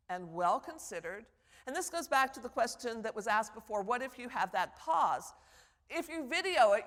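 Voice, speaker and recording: Animated woman lecturing in a big hall. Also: on the high side. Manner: animated, acts out quoted voices. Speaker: public speaking teacher. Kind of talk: conference lecture. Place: conference hall. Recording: long hall reverb.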